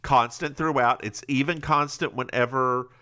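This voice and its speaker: A man with a Southern accent, co-hosting a podcast and recapping a TV episode in a joking, animated way. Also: medium pitch, normal speed, smooth. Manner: animated, joking, mimics characters. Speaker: podcast co-host. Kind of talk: casual recap chat.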